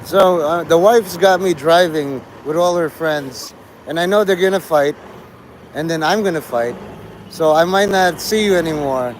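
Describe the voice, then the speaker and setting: A man's voice: a little high, moderate pace, slight background noise, poor audio. A man in his forties hosting a livestream, rambling casually, trailing off and restarting his thoughts. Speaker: livestream host.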